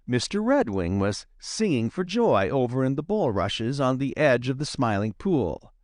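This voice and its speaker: A man narrating a children's storybook in a lively, expressive reading style. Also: mid-range voice, measured pace, dry recording, studio quality. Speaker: audiobook narrator.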